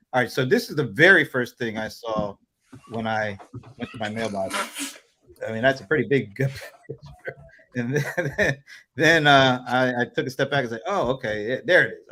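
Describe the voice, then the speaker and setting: A man's voice: mid-range voice, pushed and bright. Rambling, chuckling male show host. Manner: rambling, filler-heavy, chuckling. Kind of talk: casual livestream chat.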